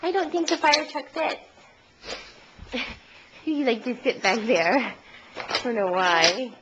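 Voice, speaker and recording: A woman's voice: on the high side, very animated, slow pace. A woman filming her toddler at home, talking to him in sing-song baby talk with frequent laughs. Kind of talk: home video chat with a toddler. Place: living room at home. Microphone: handheld camcorder. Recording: noisy home camcorder audio.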